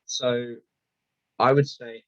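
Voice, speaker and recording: A man's voice: medium pitch, little pitch movement, slow, no echo, lo-fi sound. A man presenting a live webinar, reading viewer questions aloud and answering them casually with many ums and restarts.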